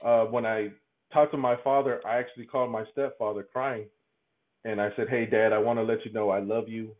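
A man giving a candid interview, talking haltingly, repeating words and laughing often. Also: on the low side, flat delivery. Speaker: podcast guest. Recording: tinny phone-like line.

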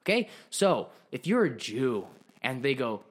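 A man's voice: medium pitch, big pitch swings, a little slow, husky. Brash, foul-mouthed young man ranting. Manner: calls the guest dude and bro. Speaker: podcast host. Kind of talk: casual podcast chat.

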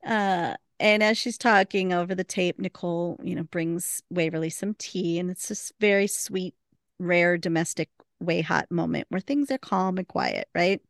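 A woman with a lowish voice chats through a TV episode on a podcast, acting out the characters' lines as she goes. She laughs easily, and her voice sits close and dry on the mic with no room around it. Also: expressive, moderate pace, no echo. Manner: retells scenes with quoted lines, laughs often. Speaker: podcast co-host. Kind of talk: casual recap chat.

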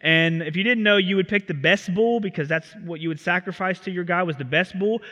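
A male pastor preaches in an animated, casual storytelling style, his bright, forceful voice sitting a little high for a man. The sound carries the long reverb of a theatre hall. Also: a little fast. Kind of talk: sermon. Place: theatre used as a church.

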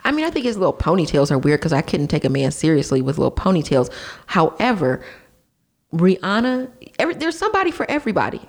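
A woman's voice: on the low side, sing-song, fast talker. A woman co-hosting a podcast in casual chat, wry and teasing. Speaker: podcast co-host.

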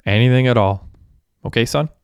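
A man voicing a hardened police detective who asks probing questions in a measured way. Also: medium pitch, darkish tone, clear, resonant tone, dry recording, studio quality, lightly acted.

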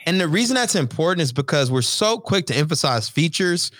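A man hosting a podcast, talking business in an animated, slangy way, often saying "yo" and "et cetera". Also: fairly high pitch, a little fast, no room sound. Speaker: podcast host and business coach. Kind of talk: energetic casual interview.

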